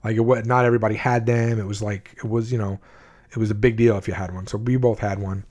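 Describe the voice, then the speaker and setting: This man, at least in his twenties, talks fast in a lowish, darkish voice with fairly even intonation. Telling viewers his own life story candidly, he is blunt and emotional and keeps restarting his sentences.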